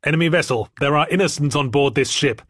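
A man voicing a cold, logical young woman who speaks calmly and formally in an audiobook. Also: on the high side, quick pace, husky, no room sound, clean studio sound. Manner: calm, formal, detached. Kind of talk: audiobook character voice.

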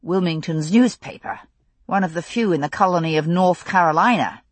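A woman narrating a novel in an expressive storytelling way on a close studio mic. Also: on the low side, normal speed, no echo. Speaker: audiobook narrator.

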